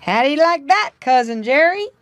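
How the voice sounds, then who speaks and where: Kindly male beaver for a storybook, raised lively voice, played by a woman. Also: high-pitched, normal speed, no echo, pitched above the performer's own voice. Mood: friendly. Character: friendly easygoing male beaver.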